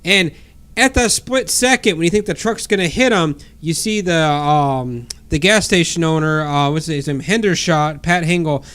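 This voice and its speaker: A man's voice: a little high, normal speed, fairly bright tone. Casual man recapping a movie plot. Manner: retells plot with fillers, swears casually. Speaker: podcast co-host.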